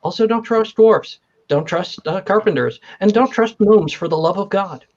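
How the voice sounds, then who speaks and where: High-voiced playful game master. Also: male voice, moderate pace, a little mellow. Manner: playful, slips into silly voices and random accents. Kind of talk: narrating a tabletop game. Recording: dull lo-fi stream audio.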